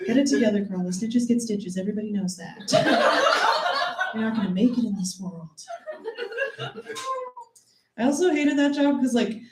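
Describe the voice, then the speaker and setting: Young woman doing standup, giggles a lot, kinda high voice, noisy echoey club sound. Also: very animated, normal speed, long pauses. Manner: giggly, self-deprecating, breaks into laughter often. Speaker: stand-up comedian. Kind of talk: stand-up comedy set. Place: comedy club stage. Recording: echoey room, heard from a distance, audible noise.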